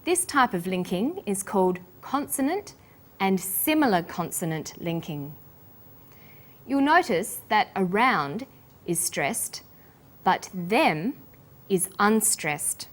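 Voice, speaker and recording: Slow, deliberate Australian woman teacher. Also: medium pitch, sing-song. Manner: slow, deliberate, clearly articulated. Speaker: English teacher and host. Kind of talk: scripted pronunciation lesson.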